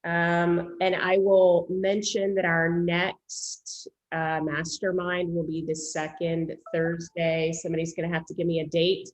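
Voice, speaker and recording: Host, woman, low voice, relaxed with filler pauses, video call. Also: low-quality recording. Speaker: meeting host. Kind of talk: leading a group call.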